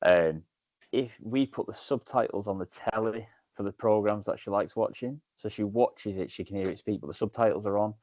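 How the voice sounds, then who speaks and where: A man with a very deep voice hosts a relaxed podcast chat and cuts in eagerly with his own stories. His recording is dull and muffled, with a dry, close sound. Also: moderate pace, no echo. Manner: chatty, jumps in with anecdotes. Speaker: podcast host. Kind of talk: casual podcast conversation.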